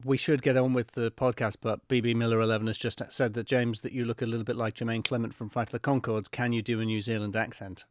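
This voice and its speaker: A man co-hosting a podcast, trading wry, quick-witted asides in casual comic banter. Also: medium pitch, flat delivery, dry recording, clean studio sound. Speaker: podcast co-host.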